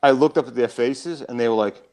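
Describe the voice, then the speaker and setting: New guy telling a story, lively, does all the voices himself. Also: mid-range voice, fairly quick, rough recording. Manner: animated, acts out quoted voices. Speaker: comedy club owner, guest. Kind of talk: storytelling in casual chat.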